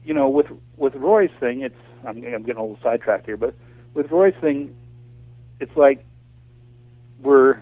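A man's voice: medium pitch, moderate pace, pauses often, no echo. American man, impassioned guest, heated ranting delivery, thin phone-line sound. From United States. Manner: passionate, ranting, frequent restarts and fillers. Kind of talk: casual conversation over a call. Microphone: phone or voice call. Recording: tinny phone line, dry.

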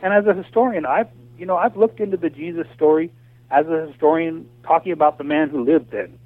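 A man's voice: a little high, fairly quick, no echo. American man, impassioned guest, heated ranting delivery, thin phone-line sound. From United States. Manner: passionate, ranting, frequent restarts and fillers. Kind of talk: casual conversation over a call. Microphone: phone or voice call. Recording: tinny phone line, dry.

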